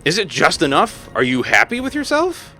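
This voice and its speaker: A man's voice: on the high side, moderate pace, faint music behind. A man in his thirties streaming a game live, joking and swearing freely as he chats with his viewers. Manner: animated, joking, swears freely, talks to chat. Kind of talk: casual live-stream chat while gaming.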